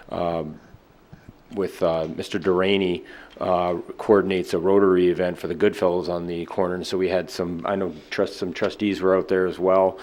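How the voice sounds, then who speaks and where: A man with a very deep voice speaks as superintendent at a school board meeting. His remarks are loose and conversational, with fillers and restarts. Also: a little mellow. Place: public boardroom.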